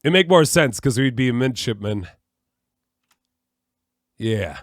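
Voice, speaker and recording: Lively man thinking aloud over a game. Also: mid-range voice, takes it slowly, dry recording, studio quality. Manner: puzzling things out aloud, musing to himself. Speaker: streamer. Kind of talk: live gameplay commentary.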